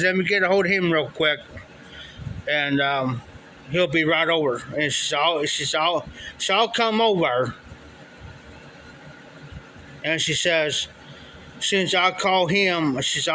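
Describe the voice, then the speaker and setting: A man on a livestream casually rambles through a long story, repeating "he says" and "I said" as he quotes people. His voice is a little high, bright and forceful. The recording is rough, with a little hiss or hum.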